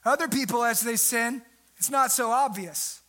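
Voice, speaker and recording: A young man preaching a sermon, animated, with sudden jumps in pitch and loudness for emphasis, mimicking the people in his story. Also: normal speed. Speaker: pastor.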